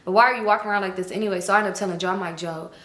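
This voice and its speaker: Brief: young woman vlogger, bright tone, animated and slangy storytelling, echoey room. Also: racing, slight background noise. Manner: animated, acts out quotes with big pitch jumps; profane, slangy. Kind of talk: casual storytelling.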